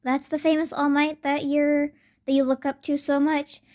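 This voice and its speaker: A woman's voice: high-pitched, little pitch movement, moderate pace, darkish tone, voice pushed up, lightly acted. A woman voicing a touchy male alien symbiote creature who talks bluntly.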